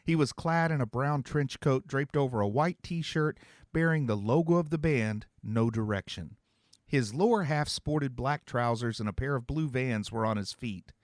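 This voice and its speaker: A man reading his own novel aloud as an expressive storyteller. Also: medium pitch, moderate pace, dry recording, studio quality. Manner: expressive storytelling, voicing several characters. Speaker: author and narrator. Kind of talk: scripted narration.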